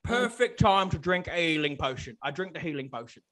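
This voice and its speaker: A man's voice: on the high side, expressive, fairly quick, a bit bright. A man voicing a washed-up male adventurer hooked on healing potions, who talks in a rambling, easygoing way. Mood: greedy.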